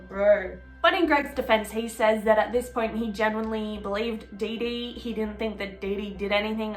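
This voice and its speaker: A woman's voice: fairly high pitch, roomy sound. A young woman telling a true crime story in a chatty, emotional way, swearing freely and saying "like" often. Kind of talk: casual storytelling.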